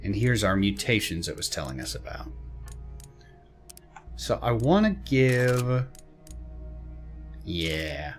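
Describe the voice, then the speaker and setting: A man's voice: lowish voice, very animated, slow, long pauses, soft background music. A man hosting a let's play, reading game text aloud and reacting with chatty, casual asides. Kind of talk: casual gameplay commentary.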